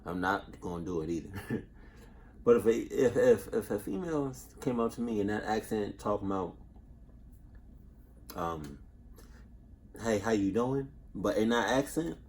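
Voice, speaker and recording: A man's voice: lowish voice, expressive, moderate pace, a little mellow, slight background noise. A man hosting a reaction video, rambling casually, swearing, laughing and interrupting himself.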